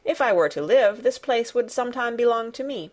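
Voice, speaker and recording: A woman's voice: on the high side, lively intonation, brisk, a little mellow, pitched above the performer's own voice. A woman reading as a languid, spoiled sickly boy. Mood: indifferent. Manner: indifferent, commanding. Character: sickly spoiled ten-year-old boy, languid and imperious. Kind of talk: audiobook character reading.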